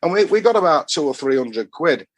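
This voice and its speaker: A man's voice: a little high, big pitch swings, a little fast. A middle-aged man from Doncaster with a Yorkshire accent, chatting as a podcast guest and telling long rambling stories full of northern dialect. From Doncaster, Yorkshire, England. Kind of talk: casual storytelling.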